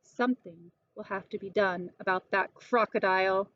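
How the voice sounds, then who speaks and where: A woman reading a children's storybook aloud in an expressive, lively way. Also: mid-range voice, normal speed, no echo, highs cut off.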